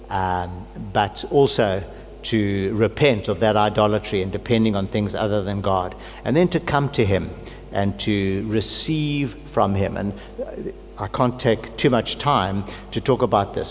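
A man's voice: on the low side, vocal fry. A middle-aged man preaching with earnest conviction, his voice climbing into fervent prayer. He has a cold, and his words ring out in a long-echoing hall with a faint hum behind him. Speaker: pastor. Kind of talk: sermon.

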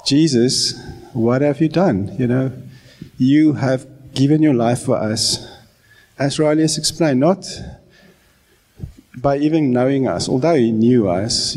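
A man's voice: mid-range voice, warm tone. A man in his forties from South Africa with an Afrikaans accent, preaching a sermon in a conversational, self-deprecating way with false starts. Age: 40s. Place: church.

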